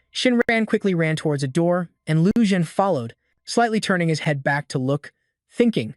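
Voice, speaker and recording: A man narrating a comic story recap in a steady storytelling manner. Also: a little high, normal speed, no room sound, clean studio sound. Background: faint background music.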